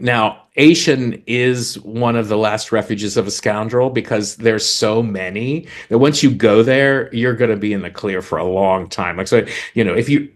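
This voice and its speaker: A man co-hosting a chat about songwriting, eagerly explaining craft and reading lyrics aloud with rhythm. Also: lowish voice. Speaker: podcast co-host, lyricist.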